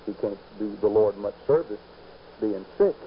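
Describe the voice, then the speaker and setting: A man preaching a sermon, emphatic and rising to loud peaks on key points. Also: lowish voice, expressive, moderate pace. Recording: dull lo-fi recording with faint hiss.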